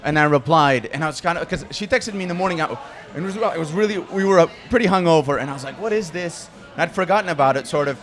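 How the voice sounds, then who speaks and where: A man co-hosts a podcast and tells his side in casual chat. He talks haltingly and keeps restarting his sentences. His voice sits a little high. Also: fairly bright tone. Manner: halting, hesitant, with many restarts and fillers. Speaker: podcast co-host.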